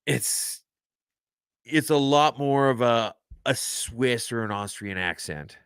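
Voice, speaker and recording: Male co-host, sarcastic and dry in delivery, smooth voice with a dry sound. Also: mid-range voice, takes it slowly, fairly bright tone, no room sound. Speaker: podcast co-host. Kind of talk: casual chat.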